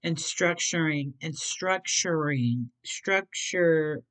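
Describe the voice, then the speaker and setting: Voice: mid-range voice, takes it slowly, a bit bright. A tarot reader giving a casual reading, rambling, repeating words and tripping over some.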